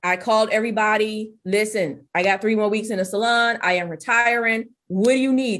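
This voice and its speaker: A woman who coaches stylists, talking casually in an interview and acting out her own quotes with lively jumps in voice. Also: brisk. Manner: animated storyteller, acts out her own quotes in a higher voice. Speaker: guest, business coach and former hairstylist.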